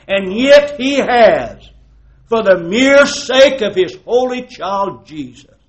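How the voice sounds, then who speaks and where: A man preaching a sermon as pastor. He swings from loud emphasis to hushed tones and uses folksy storytelling and repeated rhetorical questions. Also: sits high, sing-song, slow pace.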